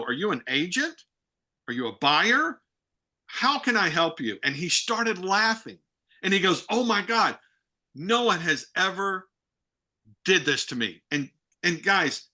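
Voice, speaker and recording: Male guest on a video call: vivid storyteller, bright forceful tone, voices the other people in his anecdotes. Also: a little high. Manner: animated storyteller, acts out dialogue, many restarts. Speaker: guest speaker, real estate broker.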